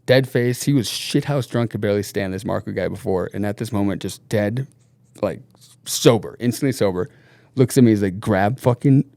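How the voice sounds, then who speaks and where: A middle-aged man spins a rowdy road-trip tale as a podcast guest, cursing freely and animated. His voice sits low and the sound is dry and close, with no room around it. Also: a little fast, vocal fry, dry recording. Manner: loose, profane, animated anecdote-telling. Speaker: podcast guest, snowboard team manager. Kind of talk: casual storytelling.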